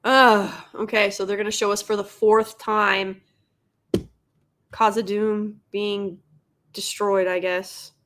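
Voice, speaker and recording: Bright-voiced sarcastic woman streamer. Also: medium pitch, flat delivery, takes it slowly, pauses often, a little hiss or hum. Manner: sarcastic, exasperated critique. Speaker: live reaction streamer. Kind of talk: live reaction commentary.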